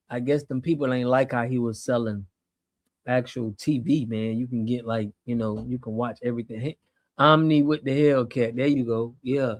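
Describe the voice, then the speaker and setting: A relaxed man hosting a casual livestream, talking easily with plenty of slang. He has a mid-range voice and speaks over a video call. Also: mid-range voice. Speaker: host.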